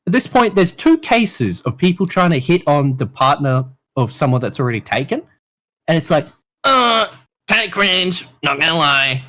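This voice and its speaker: This fairly high-pitched voice belongs to a twenty-something Australian guy speaking at a normal speed on a podcast. Chatting casually, he tells lively stories, curses freely, and does impressions of the people involved.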